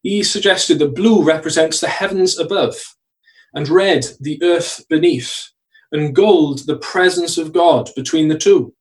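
A man preaching a sermon in a church, earnest, slowing down to stress key phrases. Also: a little high, recorded from a distance, poor audio.

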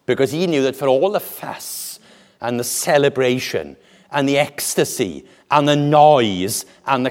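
A man preaching a sermon with an animated, deliberate delivery and dramatic pauses. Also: medium pitch.

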